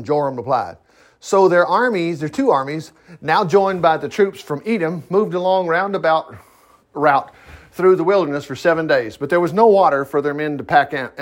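Folksy older man teaching scripture. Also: on the high side. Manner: folksy, chuckling asides, paraphrases dialogue in voices. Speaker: bible teacher. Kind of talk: informal Bible teaching.

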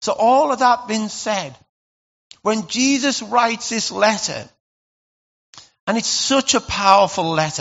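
A male pastor delivers a sermon in a high, ringing voice. He talks to the congregation casually, then bursts out loudly for emphasis. The recording sounds a little muffled. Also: slow pace, vocal fry, long pauses. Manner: animated, conversational preaching with sudden loud bursts.

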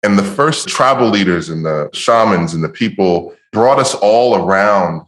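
A man telling stories in a casual podcast chat, animated and laughing often, speaking from home over a call. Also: on the low side, unhurried. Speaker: podcast guest, empowerment coach. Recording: roomy echo.

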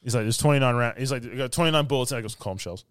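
A man on a podcast retelling a movie scene by scene, rambling and filling every pause with "like" while acting out the lines. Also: mid-range voice, clear, resonant tone, no room sound, clean studio sound. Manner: rambling, fills with "like", acts out quotes. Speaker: podcast co-host. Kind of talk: casual film review chat.

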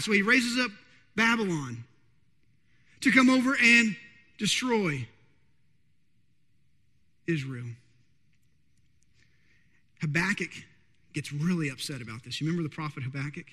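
A male pastor with a high, bright, forceful voice delivers a sermon in a large sanctuary, and the sound rings with long reverb. He keeps checking in with the congregation with quick questions. He moves between hushed, stretched-out lines and louder bursts.

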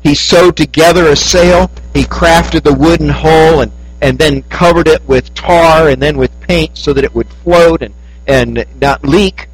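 A man preaching a sermon, telling a story that rises high and then drops soft. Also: a little slow, rough recording.

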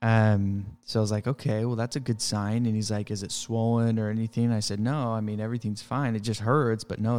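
A man's voice: lowish voice, darkish tone, clear, resonant tone, big-room sound. A man who works in pest control tells a travel story casually, rambling with fillers and restarts.

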